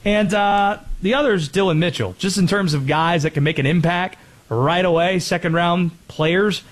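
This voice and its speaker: Chatty male sports radio host. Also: sits high. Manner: conversational, joking, quick. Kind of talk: casual sports talk.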